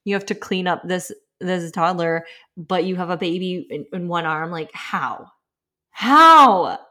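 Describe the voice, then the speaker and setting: A chatty woman in her thirties hosts a casual podcast, reading listener stories aloud. She breaks in with lively asides and laughs often as she goes. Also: fairly low pitch. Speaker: podcast host.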